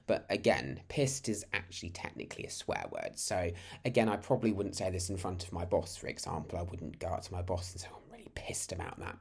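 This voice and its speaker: A British man with a very low voice gives a relaxed, informal lesson straight to camera. He rambles in a friendly way and often restarts his sentences as he talks. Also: gravelly, slightly rough. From United Kingdom. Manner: chatty, rambling, full of restarts. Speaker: language teacher.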